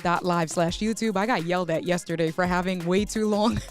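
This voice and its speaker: A woman's voice: on the low side, fairly quick, soft background music. Chatty New woman hosting a stream. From New York. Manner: lively, chatty, addresses viewers as y'all. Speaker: host. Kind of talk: casual live stream chat.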